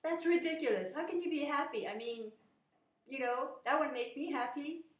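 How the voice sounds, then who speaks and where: A woman's voice: high voice, unhurried, distant mic, pitched above the performer's own voice. A woman voicing a demanding rich fairy-tale king, speaking indignantly in an echoey room. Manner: indignant, exclaiming.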